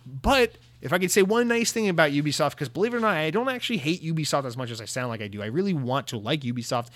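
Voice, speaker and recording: A man's voice: on the high side, expressive, fast, a bit bright, no echo. Sarcastic ranting man, dry sound. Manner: sarcastic, profane, mocking impressions of companies. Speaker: gaming commentator. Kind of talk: ranting video commentary.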